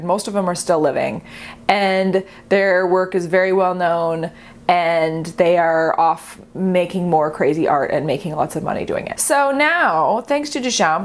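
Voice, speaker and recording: A young woman who is an artist, explaining art history in a chatty, playful, self-mocking way. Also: medium pitch. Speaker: artist and video host.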